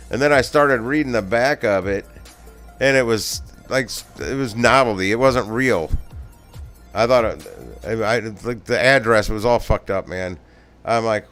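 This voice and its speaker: A man's voice: fairly low pitch, fairly quick, a bit bright, smooth, faint music behind. Rambling, cussing middle-aged man. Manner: rambling, profane, laughs often. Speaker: live stream host. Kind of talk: casual storytelling.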